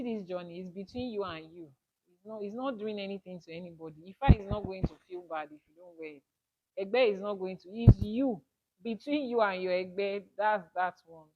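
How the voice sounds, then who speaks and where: A woman's voice: medium pitch, mellow. Emphatic woman teaching a spiritual class. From Nigeria. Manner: emphatic, repeats key points, asks rhetorical questions. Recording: dull lo-fi audio.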